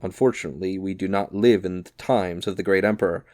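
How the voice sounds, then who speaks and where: A man voicing a proud, gentlemanly musketeer in an audiobook reading, with formal, dry-witted speech. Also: deep voice, steady tone, fast talker, no echo, close to an everyday voice. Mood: courtly.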